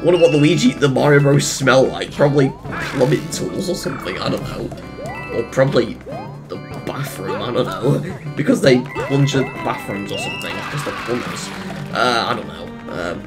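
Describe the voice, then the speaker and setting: A let's-play gamer giving casual gameplay commentary, excitable, often exclaiming and laughing, with rambling jokey asides. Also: mid-range voice, normal speed, over music.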